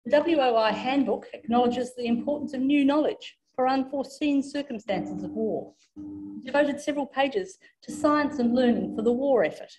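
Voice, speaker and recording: A woman's voice: sits high, a little mellow, poor audio. Australian woman giving an academic lecture. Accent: Australian English. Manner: measured reading with occasional self-corrections.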